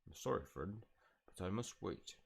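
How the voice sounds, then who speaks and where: A man voicing a cheerful, excitable male ghost friar in an eager, bubbly way, reading game dialogue aloud. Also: sits low, moderate pace, vocal fry, breathy edge, exaggerated voice. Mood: excited.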